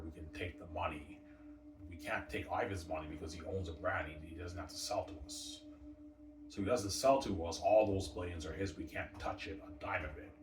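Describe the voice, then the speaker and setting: A man rambling casually about a book he wrote, often tacking on "obviously" and "man". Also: sits low. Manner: rambling, repeats "obviously" and "man", acts out lines from his story. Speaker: author talking about his own book. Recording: echoey room, mic far off, noisy.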